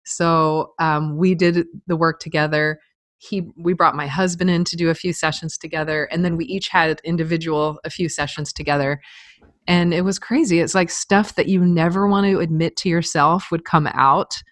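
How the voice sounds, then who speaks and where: A woman's voice: on the low side, fairly even intonation, moderate pace, no echo. A middle-aged woman telling a personal story as an interview guest, candid and earnest, with frequent filler words.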